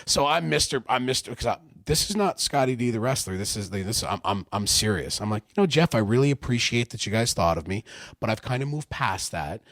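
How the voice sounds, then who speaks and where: A man's voice: medium pitch, lively intonation, a little fast, a bit bright, dry recording, studio quality. A man from Canada in his forties, a guest telling stories on a casual podcast and acting out other people's lines in raised voices. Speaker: podcast guest, wrestling manager and producer. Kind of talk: casual storytelling interview.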